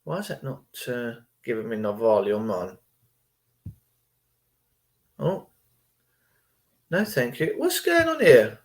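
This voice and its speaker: A man's voice: mid-range voice, very animated, takes it slowly, long pauses. A man hosting his own channel, chatting casually and rambling as he retells stories and reacts to videos. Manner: chatty, rambling, retells phone calls in reported speech. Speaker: channel host. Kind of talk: casual chat.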